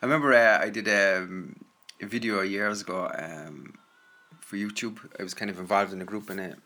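A man's voice: on the low side, moderate pace, pushed and bright. An Irish man rambling casually through listener messages, self-deprecating and full of fillers. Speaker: audio content creator answering listener messages.

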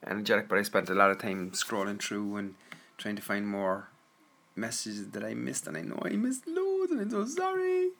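A man's voice: fairly low pitch, creaky, pushed and bright. An Irish man rambling casually through listener messages, self-deprecating and full of fillers. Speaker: audio content creator answering listener messages.

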